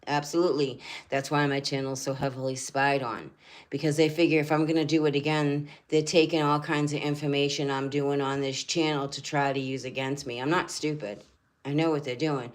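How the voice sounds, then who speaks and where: A woman's voice: low voice, steady tone, normal speed. An older woman hosting a spiritual channel who talks earnestly in a rambling way and repeats her phrases. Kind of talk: casual livestream talk.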